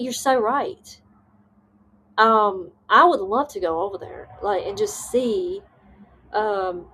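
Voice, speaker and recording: A woman hosting a livestream, chatting casually with viewers and reading their comments aloud, rambling and excitable with bursts of laughter. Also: mid-range voice. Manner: chatty and rambling, trailing off often. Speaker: livestream host.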